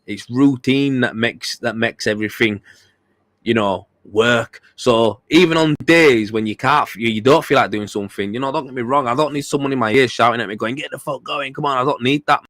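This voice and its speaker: A man's voice: mid-range voice, a bit bright, no echo. A tired man hosting a casual livestream podcast, talking bluntly and swearing freely, rambling with lots of repeated fillers. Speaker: podcast host.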